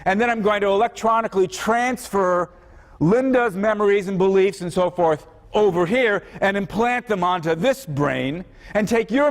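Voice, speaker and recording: A man giving a university lecture in a conversational way, now and then acting out examples in other voices. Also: high voice. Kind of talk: classroom lecture. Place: large lecture hall. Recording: reverberant lecture hall.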